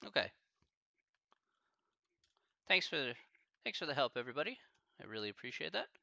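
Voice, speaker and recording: A man, a math instructor on a live stream, talking casually and haltingly, thinking aloud with many fillers. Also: medium pitch, sing-song, creaky, sharp tone, no room sound, highs cut off.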